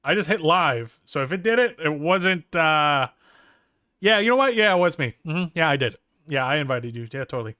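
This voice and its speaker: A man's voice: fairly high pitch, lively intonation, moderate pace, few pauses, bright, forceful tone, dry recording, studio quality. A tired young man on a live stream, chatting playfully and rambling while he draws. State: tired but wired on coffee. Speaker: streamer and artist. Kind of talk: casual live-stream chat.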